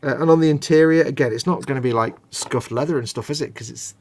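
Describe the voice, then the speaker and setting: A man's voice: mid-range voice, fast talker, a little mellow. A middle-aged man, hosting a late-night model-building live stream in rambling, self-mocking chat. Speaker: host.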